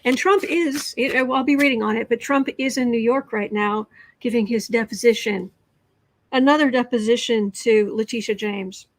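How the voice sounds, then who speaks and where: A woman's voice: a little high, moderate pace, no echo. An American woman hosting a casual tarot livestream, reading viewer comments aloud and sometimes dropping to a whisper. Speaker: tarot reader and livestream host.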